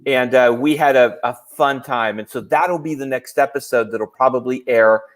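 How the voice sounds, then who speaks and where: A man's voice: medium pitch, normal speed. A man with a mid-range voice joins a video call, teasing the host about his plane. He talks loosely, with plenty of fillers. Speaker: guest YouTuber. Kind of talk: casual chat.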